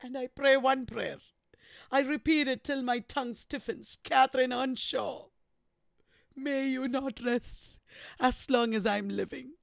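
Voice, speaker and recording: Brief: woman reading an anguished, vengeful lover with an Indian English accent, slow and heavy, close dry sound. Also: high voice, steady tone, creaky, no echo. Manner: impassioned dramatic reading. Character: tormented grieving man, passionate, vengeful.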